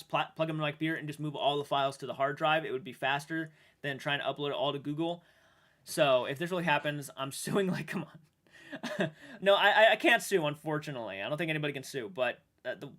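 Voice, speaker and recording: Emotional streamer man, bright tense voice. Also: on the high side. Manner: emotional, halting, with frequent restarts and swearing. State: shaken and upset. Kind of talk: livestream chat with viewers.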